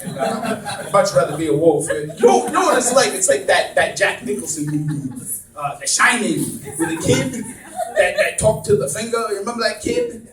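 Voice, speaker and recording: A man's voice: sits high, wildly swooping pitch, moderate pace. A man doing a stand-up comedy set, rambling and self-deprecating, with lots of fillers and restarts. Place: comedy club stage. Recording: roomy club sound from a distance, crowd laughter.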